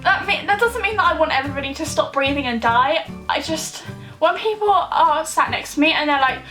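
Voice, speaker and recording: A woman's voice: high voice, lively intonation, a little fast, sharp tone, soft background music, poor audio. A young woman chatting casually in a vlog, reading out viewers' questions and answering them in an upbeat way. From United Kingdom.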